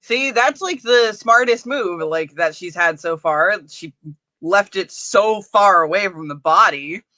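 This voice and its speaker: A woman co-hosting a casual true-crime podcast, wry, sometimes breaking into shrill impressions. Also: unhurried, sharp tone, dry recording. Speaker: podcast co-host.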